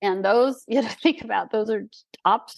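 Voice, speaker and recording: A woman guest author talking through her ideas in a halting way, restarting phrases and searching for words. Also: medium pitch, vocal fry, no echo. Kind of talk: casual interview conversation.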